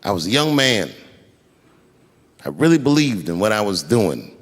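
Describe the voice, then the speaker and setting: A man doing stand-up comedy, telling a story in an animated, profane way. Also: fairly low pitch, normal speed, in a large hall.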